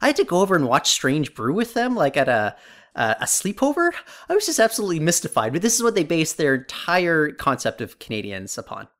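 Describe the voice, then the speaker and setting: A woman with a very low voice co-hosts a casual podcast chat. She talks loosely, laughs often and fills pauses with "uh" and "like.". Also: huge pitch swings. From United States. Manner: chatty, laughs often, many fillers. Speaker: podcast co-host.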